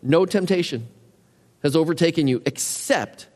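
Animated preacher in a reverberant hall. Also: male voice, fairly high pitch, moderate pace. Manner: conversational, animated preaching with rhetorical questions. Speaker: pastor. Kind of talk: sermon.

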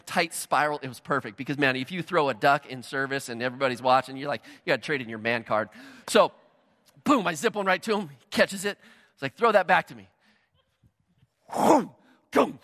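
A man's voice: mid-range voice, a little fast. A man preaching a sermon as pastor, telling stories animatedly and acting out bits of dialogue. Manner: animated storytelling, acts out dialogue. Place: large church hall. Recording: long hall reverb.

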